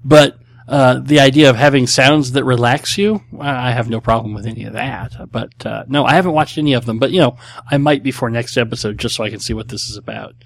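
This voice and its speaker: A man's voice: mid-range voice, steady tone, a little fast, vocal fry. A middle-aged man hosting a podcast, answering listener questions in a casual, blunt, rambling way with many fillers. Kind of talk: casual chat.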